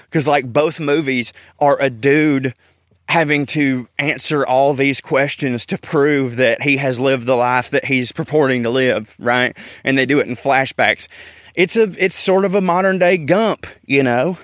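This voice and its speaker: A man's voice: mid-range voice, fairly bright tone, dry recording. Man, Southern US accent, casual podcast rant, rambling and candid, dry close sound. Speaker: podcast host. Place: outdoors in a park.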